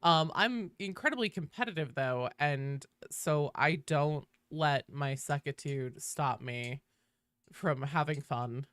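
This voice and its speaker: A woman streamer chatting casually with her viewers while gaming. She swears freely and greets people in a high sing-song. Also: slow pace, a bit bright, smooth, no room sound. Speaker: game streamer.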